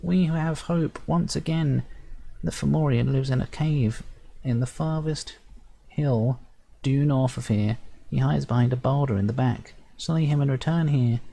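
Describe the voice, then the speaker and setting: A man voicing a tiny, timid male sprite chief from a game, speaking in a shrill, formal and pleading way. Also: a little slow, creaky, mellow. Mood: hopeful. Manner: formal, pleading old-fashioned speech. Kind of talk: reading game dialogue aloud.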